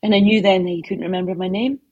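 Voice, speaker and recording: A woman's voice: mid-range voice, steady tone, quick pace, breathy edge, no echo, lo-fi sound. A middle-aged woman telling heartfelt stories as an author in an interview, speaking from her home office. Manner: heartfelt storytelling with soft asides. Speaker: author guest. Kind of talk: conversational interview answers.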